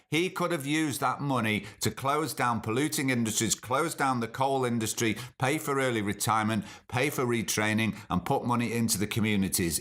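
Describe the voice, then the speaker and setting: A man's voice: on the low side, fairly bright tone. A middle-aged man from the UK hosting a podcast, reading news items and adding indignant, opinionated asides and rhetorical questions. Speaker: podcast host.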